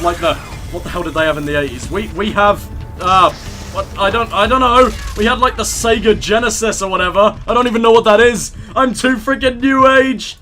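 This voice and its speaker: High-voiced joking young man gaming. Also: bright, forceful tone. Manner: joking, irreverent, talks to game characters. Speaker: let's play gamer. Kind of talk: casual gameplay commentary.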